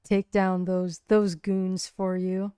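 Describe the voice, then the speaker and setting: A woman's voice: medium pitch, flat delivery, takes it slowly, mellow, clear, resonant tone, dry recording, lightly acted. A woman voicing an awkward, eager male goon with a rotting face in solo tabletop role-play. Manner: eager, bumbling flirt.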